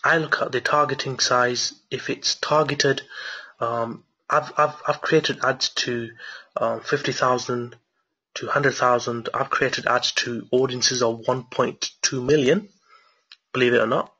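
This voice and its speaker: An excited man talking viewers through a marketing tutorial late at night, repeating words and restarting sentences as he goes. His voice is bright and a little husky. The recording sounds dull and lo-fi. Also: medium pitch, a little slow. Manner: enthusiastic, repeats himself, many restarts. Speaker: online marketing teacher. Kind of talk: screen-share tutorial with viewer Q&A.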